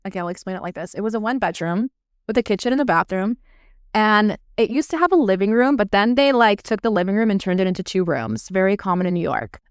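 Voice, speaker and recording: A woman's voice: mid-range voice, lively intonation, quick pace, clear, resonant tone, dry recording, clean studio sound. A woman hosting a podcast, telling a personal story in a chatty, casual way, swearing freely and filling with "like". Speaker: podcast host.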